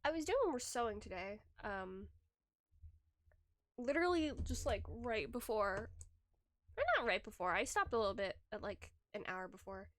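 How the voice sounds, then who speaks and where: A woman's voice: medium pitch, expressive, moderate pace, fairly bright tone, no room sound. A young adult woman livestreamer chatting casually with her viewers, rambling, laughing often and restarting her sentences, close to a desk microphone. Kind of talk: casual stream chat reading chat.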